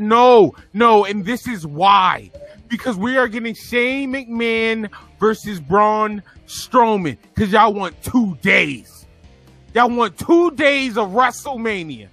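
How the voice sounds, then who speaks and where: A man's voice: high voice, expressive, slow, a bit bright, dry recording, soft background music. A man co-hosting a casual wrestling chat, ranting with exasperated outbursts. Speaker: wrestling podcast co-host.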